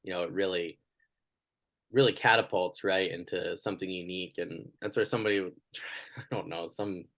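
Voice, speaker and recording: A man with a lowish voice hosts a podcast interview in a casual, chatty way. He tells stories with bursts of animated energy and laughter in his tone. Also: normal speed, pauses often. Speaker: podcast host.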